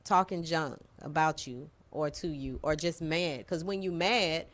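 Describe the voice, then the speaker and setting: A woman co-hosting a TV talk show, talking in a casual, teasing, animated way with lots of slang. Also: sits low, a little slow. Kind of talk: casual chat.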